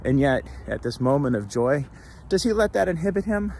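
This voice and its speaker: A man's voice: a little high, big pitch swings, normal speed, creaky, darkish tone, slight background noise. A man who is a rabbi giving a casual, folksy video message. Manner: chatty, folksy, breaks into song.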